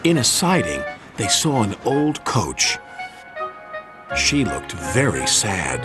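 American man narrating children's story, lively pitch, music underneath. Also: slow, pauses often.

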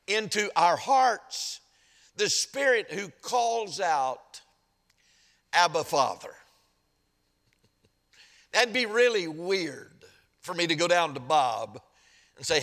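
A man's voice: sits high, fairly bright tone. A middle-aged male pastor preaching a sermon, building to emphatic rises and repeating words as he stresses a point. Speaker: senior pastor. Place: church sanctuary. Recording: long hall reverb.

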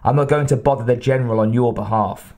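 Male narrator voicing angry bellowing police captain, audiobook, mellow dark timbre, pitched up when he shouts. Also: quick pace, natural voice. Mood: furious. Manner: bellowing, growling.

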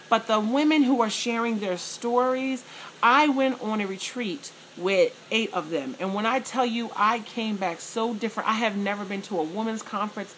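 Excited chatty woman vlogger. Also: mid-range voice, a little hiss or hum, low-quality recording. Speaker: vlogger and plus-size model. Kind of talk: casual chat to viewers.

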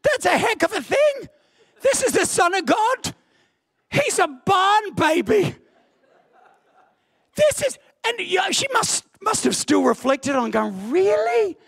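A man preaching an impassioned sermon in church, often bursting into shouts. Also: extremely high pitch, very animated, slow pace, vocal fry, pauses often. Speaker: pastor. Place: church hall.

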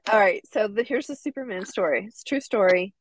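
A woman's voice: mid-range voice, fairly quick, low-quality recording. A middle-aged woman co-hosting a casual talk show, who tells a personal story in a chatty way and retells what people said. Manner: chatty, laughs easily, retells quotes. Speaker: co-host.

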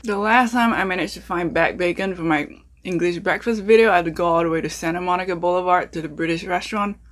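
A fast-talking woman with a fairly low pitch hosts a casual cooking and mukbang vlog, walking through making and eating breakfast. She peppers her talk with ums and uhs, speaks directly to viewers, and asks them questions. There's faint music in the background.

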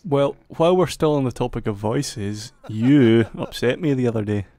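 A man's voice: mid-range voice, moderate pace, warm tone, no echo. A man co-hosting a gaming stream, teasing the guests in casual chat.

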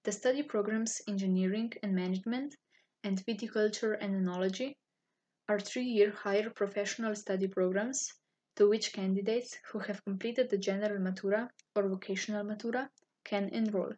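Woman, English, husky breathy tone, formal scripted narration. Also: medium pitch, normal speed. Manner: formal, even-toned reading. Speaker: university student office staff.

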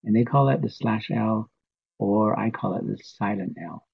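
A man whose first language is Navajo, teaching a casual, patient spoken lesson and repeating words slowly for learners. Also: lowish voice, creaky, slightly rough. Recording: tinny phone-like audio.

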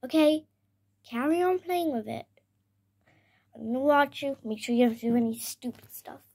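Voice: sits high, moderate pace, creaky, a little mellow, slightly rough, exaggerated voice. A child voicing a bossy, short-tempered toy fox who scolds a friend in a plush toy video. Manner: bossy, scolding, mock-threatening. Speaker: puppeteer voicing plush toys.

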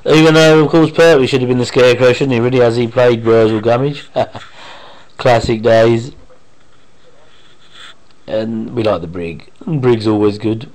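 On a home microphone, a fan comments casually on an old TV episode he's watching, rambling enthusiastically and often trailing off mid-sentence. His medium-pitched, slightly mellow voice is fairly even, measured and full of pauses. The recording quality is low.

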